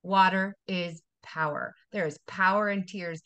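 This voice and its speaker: A woman's voice: lowish voice, a little slow, a bit bright, clear, resonant tone. A woman in her forties, a wellness coach talking as a guest in a casual podcast interview, emphatic and motivational, repeating phrases for effect. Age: 40s.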